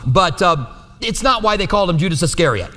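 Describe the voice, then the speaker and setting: Preaching a teaching sermon amid long hall reverb, this pastor talks conversationally and repeatedly seeks his listeners' agreement. He speaks high and brisk, with big pitch swings and a bright, forceful tone.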